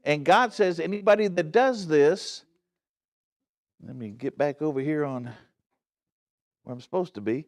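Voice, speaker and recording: A man's voice: on the high side, lively intonation, a little slow, pauses often. A man with a slightly raised voice teaching a Bible study from the front of a church. He talks earnestly and stresses his points, often checking that his listeners are following. He restarts phrases and corrects himself along the way. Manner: frequent restarts and self-corrections.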